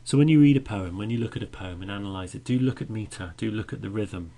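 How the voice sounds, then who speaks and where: A man's voice: lowish voice, quick pace, dark tone. A man teaching a recorded poetry lesson, patiently explaining meter and beating out the stresses aloud.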